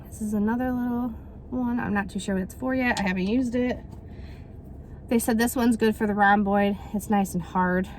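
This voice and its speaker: A woman's voice: mid-range voice, steady tone, normal speed, a little hiss or hum. A woman in her thirties chatting casually through a product unboxing, rambling with fillers and acting out little quotes. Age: 30s. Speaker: vlogger reviewing a product.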